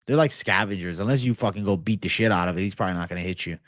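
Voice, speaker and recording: A young man hosting an MMA livestream, chatting casually and reading comments in a profane, excitable bro style. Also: sits low, racing, dry recording, studio quality. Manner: profane, excitable, laid-back bro talk.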